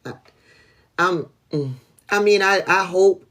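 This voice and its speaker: A woman's voice: on the low side, slow pace, fairly bright tone. A woman hosting a casual political livestream, blunt and profane, often laughing, speaking. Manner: blunt, profane, laughing, talks to chat viewers by name.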